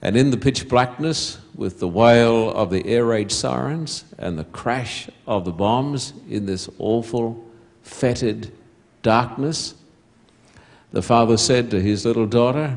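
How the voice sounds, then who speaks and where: A man preaching a sermon to a congregation, telling a story slowly and deliberately, dropping to a hushed voice at quiet moments. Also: mid-range voice, creaky.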